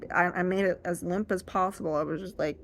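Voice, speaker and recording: A woman's voice: steady tone, fairly quick, a little hiss or hum. Rambling woman doing self-deprecating stand-up. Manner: rambling, self-deprecating, acts out voices with sudden loud high bursts. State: strained voice from being too loud. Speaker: stand-up comedian. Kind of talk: seated stand-up storytelling.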